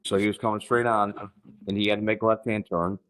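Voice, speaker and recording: A man in his fifties from Missouri, a podcast guest telling a personal story in a halting way, restarting sentences and clearing his throat. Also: lowish voice, flat delivery, a bit bright, poor audio. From Missouri, United States.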